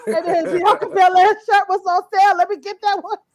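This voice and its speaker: A woman co-hosting a podcast, ranting in an animated, casual way and swearing freely. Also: very high voice, a little fast. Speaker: podcast co-host. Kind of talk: casual chat.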